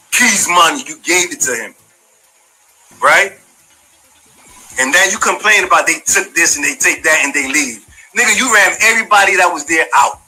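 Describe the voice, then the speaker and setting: A man with a high, bright, husky voice, talking bluntly and profanely in a heated monologue. He addresses someone directly, in a confrontational way. Faint music plays underneath. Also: low-quality recording. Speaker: former community member giving his side.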